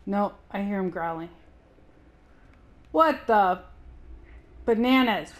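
A woman giving anxious let's-play commentary, yelping and shouting at enemies. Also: medium pitch, expressive, slow. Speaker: gaming streamer.

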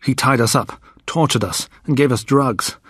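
A man's voice: medium pitch, moderate pace, fairly bright tone, breathy edge, dry recording, studio quality. A man voicing a captured spy who defies and bargains with his captor, reading from a storybook. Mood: defiant.

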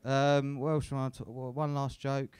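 A man's voice: mid-range voice, flat delivery, moderate pace, a little mellow, clean tone. A young man doing a crude, sweary stand-up set at a comedy club, tagging lines with "innit". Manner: crude, swears a lot, tag questions like "innit".

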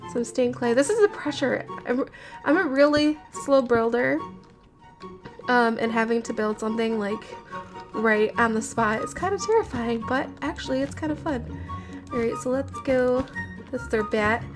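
Over game audio and background music, a woman gamer commentates on her building, chatting nervously and giggling with viewers. Her voice is fairly high and she speaks at a moderate pace.

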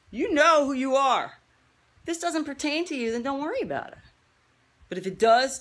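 A woman's voice: high voice, very animated, normal speed, bright, forceful tone. A woman fitness trainer delivering a blunt, scolding rant as a public service announcement, brash and fired-up and casually swearing.

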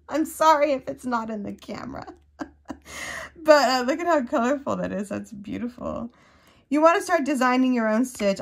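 A woman hosting a crochet unboxing vlog in casual chat, gushing and excitable, often breaking off mid-sentence. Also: fairly high pitch. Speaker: crochet channel host.

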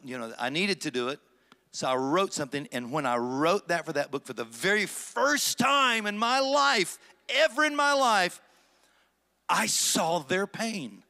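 Middle-aged male pastor, sermon delivery, bright forceful tone, slightly high voice, dramatic pauses. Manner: preaching with rising emphasis and dramatic slow phrases.

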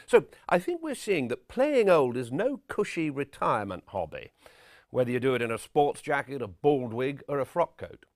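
A pompous vain old-school actor. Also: male voice, medium pitch, big pitch swings, normal speed, no room sound, clean studio sound. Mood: self-important. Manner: pompous, self-regarding theatrical lecturing. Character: vain pompous middle-aged male character actor. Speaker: actor giving acting advice. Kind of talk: deadpan spoof documentary address.

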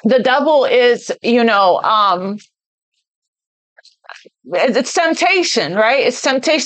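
A woman with a somewhat high voice talks her way through a tarot spread off the cuff. She speaks earnestly, as if passing on messages she senses, and repeats words to press her point. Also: unhurried, long pauses, a bit bright. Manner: repeats phrases for emphasis. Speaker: tarot reader. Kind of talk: spontaneous tarot card reading.

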